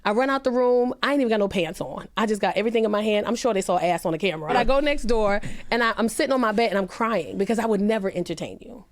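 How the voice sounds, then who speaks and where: A woman comedian on a podcast, telling a personal story earnestly and emphatically, her pitch rising when she quotes people. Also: expressive, racing, few pauses. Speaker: comedian guest.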